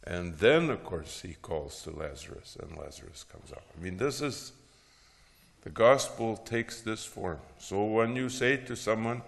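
A man teaching about preaching, who tells Bible stories in a lively way with frequent "huh?" asides and chuckles. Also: fairly low pitch, a little slow, creaky, in a large hall.

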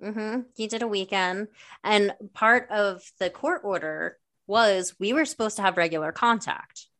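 A woman's voice: medium pitch, measured pace, fairly bright tone. A woman co-hosting a casual conversation, talking candidly and reflectively about family memories, often quoting what she and others said. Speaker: podcast co-host, older sister.

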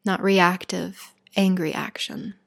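A woman giving a heartfelt spiritual talk, earnest and emphatic, shaken but steady. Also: on the low side, slow pace, gravelly. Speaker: spiritual speaker.

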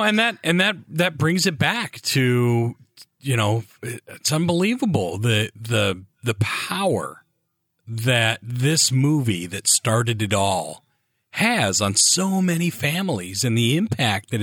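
Earnest man with a lively pitch. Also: slow pace, no echo, clean studio sound. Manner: earnest, reflective, many restarts. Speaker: podcast co-host. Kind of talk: casual chat.

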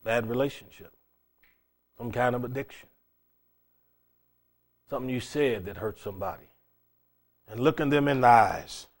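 A male pastor preaches dramatically at a medium pitch and moderate pace, pausing often. He swings between loud declarations and hushed asides and poses rhetorical questions to the congregation.

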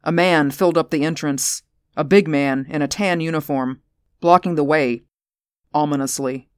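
A woman narrating a story aloud in a measured audiobook reading. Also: sits low, a little mellow, clear, resonant tone, no echo, studio quality. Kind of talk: audiobook narration of science fiction.

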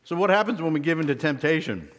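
A man's voice: fairly high pitch, animated, quick pace, a bit bright, in a large hall. A man giving a children's object lesson, quizzing the kids in a friendly, teacherly way.

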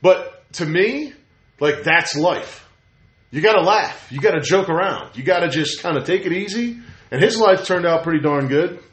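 A man hosts a casual talk and tells stories with animated, acted-out quotes. His voice sits a little high. The room around him is echoey. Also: moderate pace. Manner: animated storyteller, acts out quotes. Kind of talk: casual chat. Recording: roomy echo.

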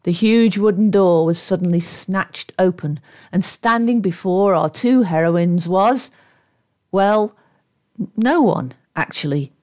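A woman reading a children's story aloud in a playful, expressive way. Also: lowish voice, slow pace. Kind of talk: storybook read-aloud narration.

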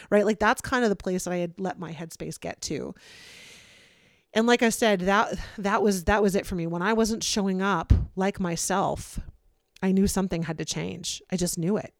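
In this candid solo podcast monologue, a female host chats freely and unfiltered, peppering her speech with fillers. She has a mid-range voice at a moderate pace, and the studio-quality recording carries no echo.

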